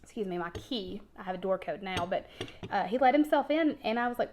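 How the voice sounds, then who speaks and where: A woman's voice: medium pitch, animated, a little fast, darkish tone, slight background noise. A woman recounts a hard personal story in plain, unscripted speech. She stumbles and repeats her words when the memory weighs on her, then pushes on.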